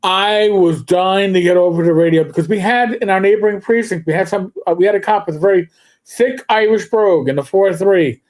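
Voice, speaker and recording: High-voiced middle-aged man, halting. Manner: halting, repeats words while telling stories. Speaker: co-host, former police officer. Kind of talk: casual chat.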